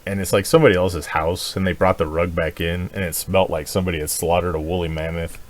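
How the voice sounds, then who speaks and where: A man co-hosting a podcast, telling a crude, animated story with lots of swearing and laughing. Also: sits low, quick pace, slight background noise. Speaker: podcast co-host. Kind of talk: casual chat.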